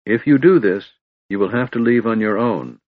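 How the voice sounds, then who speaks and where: A man voicing a wise older cleric who speaks gently but firmly, in a fatherly way, read from an audiobook. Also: fairly low pitch, normal speed, no room sound, close to an everyday voice. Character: wise older male cleric, calm and firm. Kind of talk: audiobook reading. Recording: dull dry recording.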